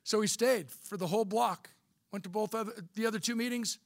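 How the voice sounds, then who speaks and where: Gravelly, folksy male storyteller. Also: high-pitched, a little fast, no room sound, clean studio sound. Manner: folksy, conversational. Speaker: speaker, former bishop. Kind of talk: storytelling talk.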